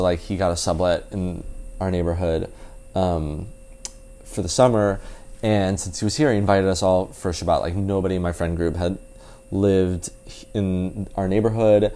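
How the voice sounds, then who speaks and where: A man's voice: sits low, mellow. A man in his twenties telling a story as a podcast guest, rambling with lots of "like" and laughing easily. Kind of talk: casual storytelling chat.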